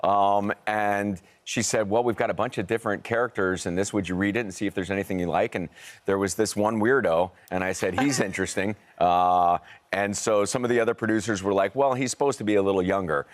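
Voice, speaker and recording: An American man, a guest actor, chatting animatedly and self-deprecatingly in an interview. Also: lowish voice. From United States. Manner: animated storyteller, self-deprecating, quick laughs. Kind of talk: casual interview chat.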